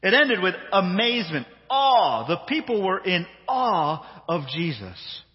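A man preaching in a church hall on a handheld mic, high-pitched and husky, with a playful, animated delivery. His voice carries a long hall echo, and the sound is dull. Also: measured pace. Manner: animated, playful, acts out the story. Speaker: pastor. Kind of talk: sermon with dramatized reading.

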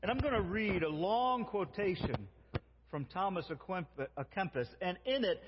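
A man preaching a sermon in an earnest way, slowing down to quote God's words. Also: a little high, in a large hall, lo-fi sound, a little hiss or hum. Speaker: pastor.

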